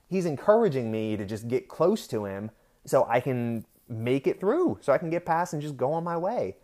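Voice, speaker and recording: A young man telling a heated story in a casual rant, swearing freely. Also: on the low side.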